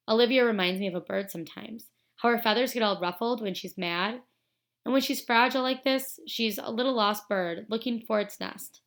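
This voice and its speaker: A woman's voice: on the high side, fairly quick, a bit bright. Woman teacher reading a novel aloud.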